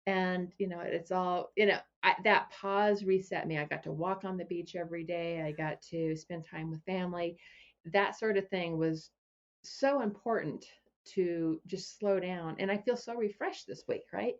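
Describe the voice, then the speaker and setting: A woman business coach and podcast guest, telling stories in a relaxed way and often restarting her phrases. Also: on the low side, normal speed, muffled recording. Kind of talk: casual interview chat.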